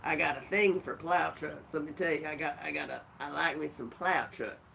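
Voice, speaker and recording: Chatty woman with a deep morning voice. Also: normal speed, gravelly, fairly bright tone, a little hiss or hum. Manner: rambling, chatty, laughs easily. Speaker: livestream host. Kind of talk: casual livestream chat. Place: indoors at a friend's house. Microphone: phone camera.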